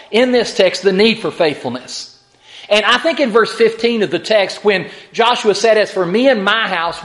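A man preaching a Bible lesson, reading scripture slowly and deliberately, with rhetorical questions and repeated words. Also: high voice. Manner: slow, deliberate scripture reading with dramatic emphasis on quotes. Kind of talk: sermon.

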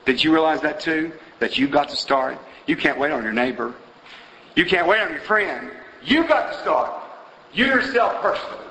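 A man preaching in a church auditorium, his bright, fairly high voice pressing the congregation with question after question. It rings out in a roomy hall with a long reverb, caught from a distance. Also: expressive, normal speed. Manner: exhorting, rhetorical questions, rising to emphatic peaks. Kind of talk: sermon with invitation.

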